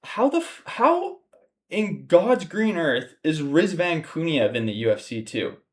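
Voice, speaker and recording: A man's voice: fairly high pitch, big pitch swings, measured pace. A young man hosting a casual fight breakdown, exasperated and profane, sighing often as he rants. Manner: exasperated, profane ranting with frequent sighs. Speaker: MMA analyst host.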